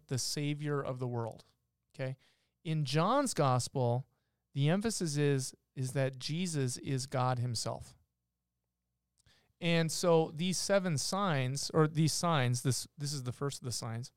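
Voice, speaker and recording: Podcast co-host, man, smooth, slightly raised pitch, casual Bible explainer, dry close sound. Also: no room sound. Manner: explains patiently, reads verses aloud, many restarts. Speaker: podcast co-host teaching scripture.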